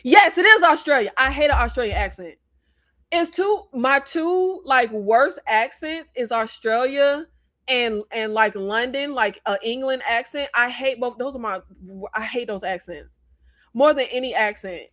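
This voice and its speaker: An American woman hosting a casual movie review chat, blunt and animated, with rambling asides. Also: fairly high pitch, measured pace. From United States. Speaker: host.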